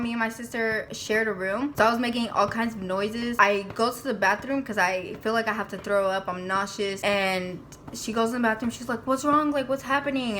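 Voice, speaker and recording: A young woman with a fairly high voice tells a personal story to her camera in a loose, chatty way. She slips into quoted lines of the people she talks about. A faint hiss sits under the recording. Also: fairly bright tone. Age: young adult. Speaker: vlog host.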